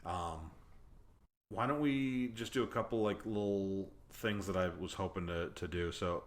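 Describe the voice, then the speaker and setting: A man's voice: sits low, measured pace. A man hosting a podcast, talking in a rambling, self-deprecating way with lots of fillers. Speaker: podcast host. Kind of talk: casual chat.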